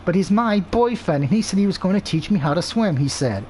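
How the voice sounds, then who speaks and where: A sweet, naive succubus girl chirps along in a higher voice, eager and lightly teasing, as a man reads her lines. Her manner stays innocent and upbeat. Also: expressive, fairly quick, a little mellow, a little hiss or hum.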